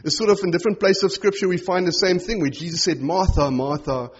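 A man with a slightly high, husky voice teaches a sermon in an easygoing, explanatory way. The recording sounds dull and lo-fi. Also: steady tone, fast talker. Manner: informal and explanatory, with frequent "sort of" and "you know". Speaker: preacher. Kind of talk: conversational Bible teaching sermon.

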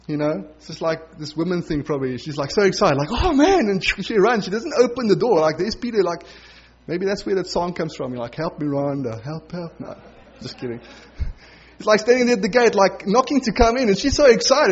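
A man's voice: high-pitched, husky, muffled recording. A male pastor giving a conversational sermon, acting out the voices of the people he quotes.

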